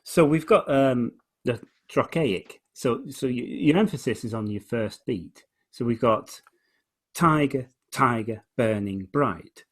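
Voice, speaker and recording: A man talking through the form of a poem in a relaxed conversation, hesitant and full of restarts, slowing right down whenever he reads lines aloud. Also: mid-range voice, husky. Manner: hesitant, with many restarts, slows right down when reading verse aloud. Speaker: guest discussing poetry. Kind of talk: relaxed conversation, explaining verse.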